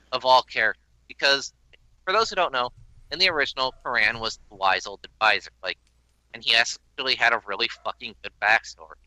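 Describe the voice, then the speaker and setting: A man ranting on a podcast, exasperated and profane, with sarcastic asides. His voice is very bright and sharp, and it sounds dry and close to the mic. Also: medium pitch, no echo, poor audio. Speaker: podcast host. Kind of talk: casual ranting review.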